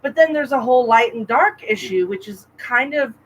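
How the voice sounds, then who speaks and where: A woman co-hosting a casual podcast chat, talking in an animated, rambling way with frequent restarts. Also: fairly high pitch, moderate pace, a little hiss or hum, poor audio. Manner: chatty, animated, self-interrupting with restarts. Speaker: podcast co-host.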